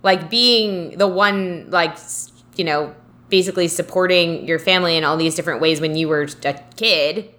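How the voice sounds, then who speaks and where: A woman's voice: fairly low pitch, normal speed, sharp tone. A woman co-hosting a casual podcast, talking about spiritual ideas in an encouraging way and often restarting her sentences. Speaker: podcast co-host.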